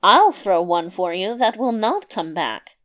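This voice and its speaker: Lady doing a cheeky little tailor guy, bragging loud and chirpy. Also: mid-range voice, sing-song, measured pace. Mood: boastful. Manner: bright, cocky, emphatic boasting. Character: boastful cheerful little male tailor.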